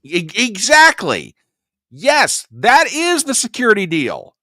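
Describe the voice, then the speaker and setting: A man's voice: high-pitched, huge pitch swings, takes it slowly, pushed and bright, no echo, clean studio sound. A male political commentary host delivering combative, sarcastic news commentary, saying he gets worked up.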